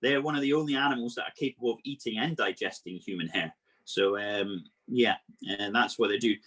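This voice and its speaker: Husky-voiced man presenting animals playfully. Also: fairly low pitch, a little fast. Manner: lively, playful explaining with frequent asides. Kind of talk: live online animal workshop for children. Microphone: video call.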